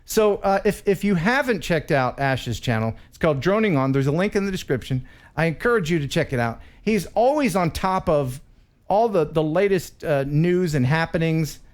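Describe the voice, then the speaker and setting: An American man hosting a casual live-stream chat, chatty and quick to laugh. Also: fairly high pitch, lively intonation. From USA. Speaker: host.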